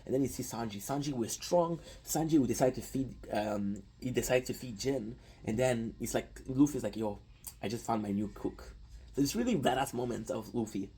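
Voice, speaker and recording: A man's voice: mid-range voice, a little fast, few pauses, warm tone, husky, low-quality recording. A man casually retelling an anime story, with lots of restarts and offhand swearing. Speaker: anime commentator.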